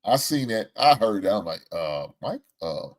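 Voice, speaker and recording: A man hosting a casual sports talk show, using Southern American slang and talking in an animated, exclamatory way with frequent laughs. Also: fairly low pitch, moderate pace. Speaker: host.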